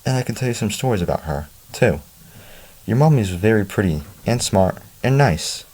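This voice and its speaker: A man reading as a gentle grieving father. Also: lowish voice, expressive, normal speed, breathy edge, pitched above the performer's own voice, low-quality recording. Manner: soft, reassuring, fatherly. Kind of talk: reading a story aloud.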